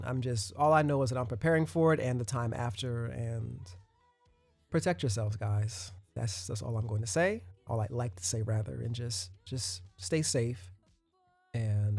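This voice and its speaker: Gravelly man chatting on a podcast. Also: medium pitch, moderate pace, no room sound, faint music behind. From United States. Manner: loose and conversational, many restarts and asides. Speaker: podcast host. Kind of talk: casual solo podcast monologue.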